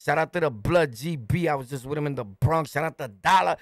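A middle-aged man from Brooklyn with a New York accent, telling a street story in a swaggering, animated way and shouting his punchlines. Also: on the high side, fairly quick, no echo, studio quality. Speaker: storyteller, channel host.

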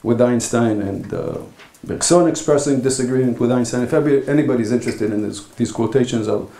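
A man delivers a philosophy lecture at an academic workshop, his voice sitting at an ordinary middle pitch. He talks haltingly and thoughtfully, pausing often as he builds his points. The recording carries the roomy echo of a lecture hall. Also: warm tone. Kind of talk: academic conference talk.

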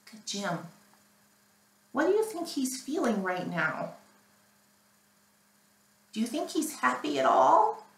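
A librarian reading a picture book aloud to young children, stopping to ask them questions. Her voice is fairly high and very lively in pitch, and she takes her time. It sounds roomy and a bit distant from the mic. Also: takes it slowly, creaky, pauses often. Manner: animated, asking listeners questions.

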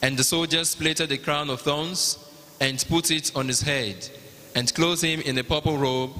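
A man with a Nigerian accent narrating the Passion at a liturgy, in a measured, even reading. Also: a little high. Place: large cathedral. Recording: long cathedral reverb.

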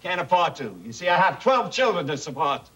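An actor playing a bossy, fast-talking efficiency expert in a 1960s sitcom who barks orders and repeats words in rapid bursts. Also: male voice, high voice, very animated, fairly bright tone, poor audio. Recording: hissy old TV soundtrack.

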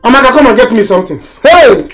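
An actor with a Nigerian accent playing a stingy, boastful older brother who mocks and orders people about. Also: male voice, very high voice, big pitch swings, fast, over music. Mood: mocking. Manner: mocking, boastful, mixes Igbo and Yoruba phrases. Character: boastful, stingy male moneyed big brother. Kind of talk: Nollywood film acting.

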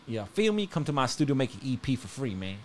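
A man's voice: mid-range voice, sing-song, fast talker, a little hiss or hum. A man hosting a live music review stream, joking around in loose, profane slang and thanking viewers for tips. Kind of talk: casual chat, reviewing submitted songs. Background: music playing.

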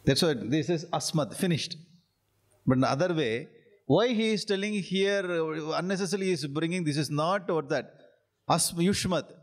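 An Indian English-accented man leads a scripture class in a lightly raised voice. He recites Sanskrit lines slowly and deliberately, then explains them in plain repeated phrases. He chuckles as he checks whether his students are following. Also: on the high side. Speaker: spiritual teacher.

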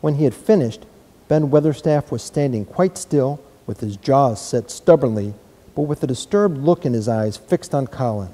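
A mellow-voiced man reading a story aloud. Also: mid-range voice, normal speed. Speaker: reader. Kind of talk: reading a children's novel aloud.

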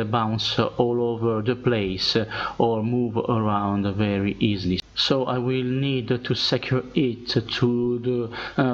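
A man explaining his model-building project step by step, with many pauses and filler sounds. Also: medium pitch, lo-fi sound. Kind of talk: unscripted tutorial narration.

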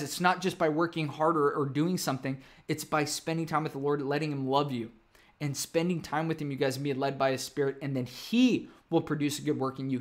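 A man preaching and praying as a pastor in a fervent sermon, often calling his viewers "you guys.". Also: a little high. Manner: ends in a prayer. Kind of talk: online sermon. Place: home room.

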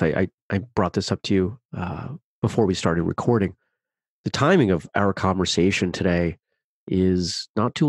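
Male podcast host, very low voice, casual and keen, dry close sound. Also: dry recording. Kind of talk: casual interview chat.

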